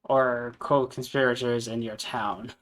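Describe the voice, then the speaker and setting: A man banters casually as a tabletop game player and drops in quick jokes. His voice sits at an ordinary pitch for a man. Faint noise runs in the background. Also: level tone, a bit bright.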